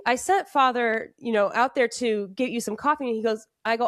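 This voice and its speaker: A woman's voice: on the high side, steady tone, quick pace, no room sound, clean studio sound. A woman hosting a podcast, chatting in a rambling way with lots of fillers and restarts. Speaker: podcast host. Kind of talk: casual chat.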